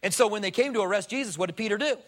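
A male pastor preaching a sermon, animated and acting out the people he quotes. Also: high-pitched, rapid-fire. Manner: animated, acts out quoted voices.

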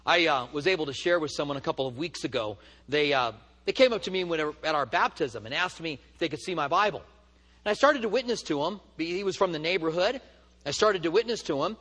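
A man's voice: on the high side, lively intonation, fast talker, bright, forceful tone. Man preaching in a reverberant hall. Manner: storytelling, emphatic and rising when stirred. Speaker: teacher of a church study. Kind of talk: sermon.

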